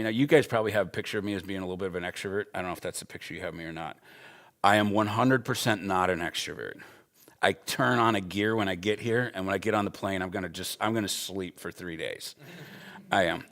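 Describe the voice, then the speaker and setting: A man in his forties with a low, gravelly voice gives a Bible school teaching. He talks in a casual, earnest way, leaning hard on his points and weaving in stories from his own life. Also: fast talker, a bit bright. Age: 40s. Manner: earnest, emphatic, with personal stories. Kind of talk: conversational teaching talk.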